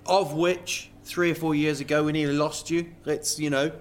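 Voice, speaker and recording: A man hosts a podcast as a comedian, bantering and joking with his guest in casual interview chat and often slipping into quoted voices while telling stories. His voice is on the high side with little pitch movement, at normal speed over slight background noise.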